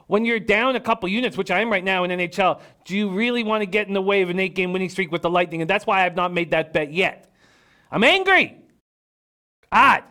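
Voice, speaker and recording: A man with a high, smooth, crisp voice hosts a live sports betting show. He rattles off viewers' names and picks with animated, mock-angry energy. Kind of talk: live-stream betting chat.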